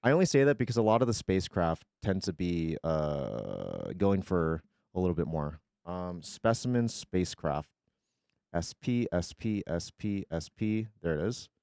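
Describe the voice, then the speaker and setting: A man's voice: sits low, animated, a little slow, gravelly, darkish tone, clear, resonant tone, no echo. This man talks the way a streamer does while tearing open card packs, loose and joking, with the odd curse word and frequent stumbles over card names. His voice swings up and down a lot. It sounds close and dry. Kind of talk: casual chat while opening card packs.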